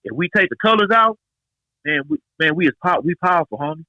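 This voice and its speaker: Man, 40s, from Los Angeles, interview guest, lively storyteller, quick talker, fairly high voice. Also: dry recording, highs cut off. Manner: animated street storytelling, acts out quotes.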